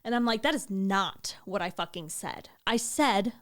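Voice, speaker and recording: A woman's voice: mid-range voice, expressive, unhurried. A young woman co-hosting a podcast, telling a story in a casual chat, acting out quotes and swearing freely. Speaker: podcast co-host.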